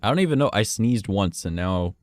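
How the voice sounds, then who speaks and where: A man's voice: on the low side, expressive, brisk, no room sound, studio quality. A young man with a stuffy nose, streaming and rambling casually, swearing and playing mock-offended. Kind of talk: casual chat.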